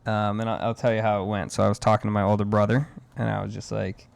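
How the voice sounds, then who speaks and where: A man in his thirties co-hosts a podcast, rambling through a casual chat and using "dude" and "man" in almost every other phrase with a relaxed attitude. His fairly low, gravelly yet smooth voice is delivered flat and fast, with no room sound.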